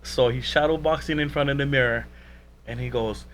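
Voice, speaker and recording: Animated male co-host telling anecdotes. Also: medium pitch, a little fast, a little hiss or hum, poor audio. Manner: animated storyteller, does voices for friends. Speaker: podcast co-host.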